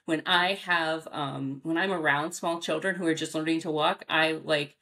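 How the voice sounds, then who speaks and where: An American woman, a dog trainer, answering interview questions in a casual, animated way, acting out reactions with big jumps in pitch and laughing often. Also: normal speed. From United States. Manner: frequent fillers and restarts, laughs often.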